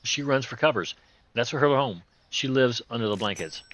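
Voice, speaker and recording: A man with a hoarse voice that is still recovering, hosting a video game playthrough with rambling, joking casual commentary in folksy, loose grammar. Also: medium pitch, lively intonation, moderate pace, fairly bright tone. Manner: joking, rambling, chuckles often. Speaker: host playing a video game.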